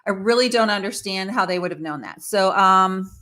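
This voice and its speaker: A woman's voice: medium pitch, moderate pace, bright, forceful tone. A woman hosting her own show, giving casual, opinionated commentary on celebrity news with lots of fillers and asides. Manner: chatty and opinionated, with many fillers. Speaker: host.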